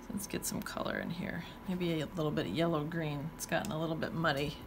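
Quick and steady in tone, a woman with a low voice chats through her watercolor demonstration, thinking aloud with playful exclamations as she paints. Background noise runs beneath her.

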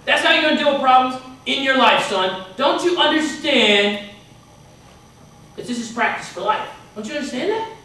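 A man's voice: sits high, expressive, fast talker, a bit bright. A man voicing a stern, fired-up male basketball coach who scolds a player and repeats himself. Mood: lecturing. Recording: echoey hall from far off.

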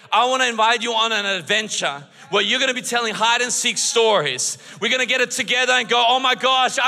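Animated pastor preaching in a big hall. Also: male voice, sits high. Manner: animated, joking and earnest by turns. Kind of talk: sermon. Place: church auditorium. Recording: long reverb of a large hall.

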